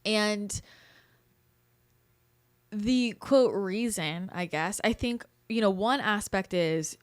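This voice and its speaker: A woman's voice: medium pitch, slow. A woman hosting a podcast as a spiritual channel, talking candidly in casual conversation and swearing now and then.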